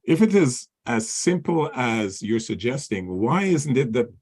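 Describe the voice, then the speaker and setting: A man's voice: medium pitch, expressive, measured pace, darkish tone, husky. A man hosting a talk show who reads listener emails and plays devil's advocate. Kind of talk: casual talk show chat.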